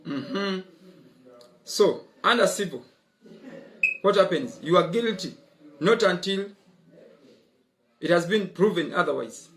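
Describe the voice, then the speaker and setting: A man's voice: sits high, a bit bright. A man explains legal ideas in an online lesson. He is emphatic, repeating key words and filling gaps with "uh-huh" and "mm-hmm." He sounds young. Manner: emphatic, drilling points home. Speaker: law teacher.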